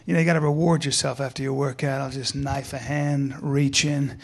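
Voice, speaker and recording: A man doing a crude, playful stand-up bit that swings from quiet to loud. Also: mid-range voice, level tone, brisk. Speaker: stand-up comedian. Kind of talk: stand-up comedy routine.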